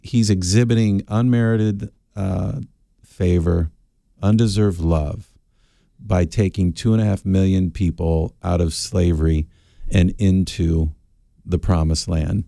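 A middle-aged man answering Bible questions as a radio guest, earnest and halting with fillers. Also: deep voice, steady tone, gravelly, mellow, no room sound, clean studio sound.

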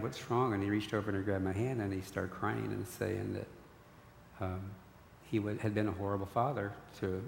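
A middle-aged man with a low, gravelly voice shares his personal faith testimony as a guest, earnest and storytelling, often restarting his sentences. The recording echoes like a hall and carries a faint hiss or hum.

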